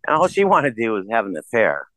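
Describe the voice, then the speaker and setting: A man's voice: on the low side, huge pitch swings, quick pace, fairly bright tone, no echo, low-quality recording. A man casually telling rambling, profane stories and acting out the dialogue. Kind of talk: casual conversation.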